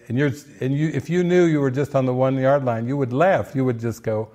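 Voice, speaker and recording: Guy talking through a movie as a spiritual teacher, earnest and playful, mid pitch. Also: steady tone, fairly quick, hardly any pauses, a little mellow. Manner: earnest, playful, acts out quotes in little voices. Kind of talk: casual spiritual talk.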